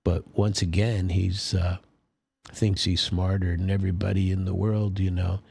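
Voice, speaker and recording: A man's voice: deep voice, level tone, moderate pace, creaky, dark tone, breathy edge. A man hosting a political commentary show, talking casually and rambling with many fillers and restarts. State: sleepy, yawning.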